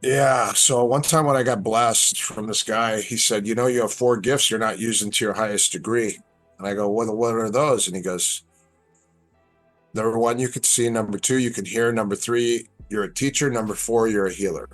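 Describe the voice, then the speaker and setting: A man's voice: fairly low pitch, moderate pace, faint music behind. A middle-aged man telling stories in a casual chat, acting out the lines people said to him. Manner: animated storyteller, acts out quoted lines. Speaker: guest.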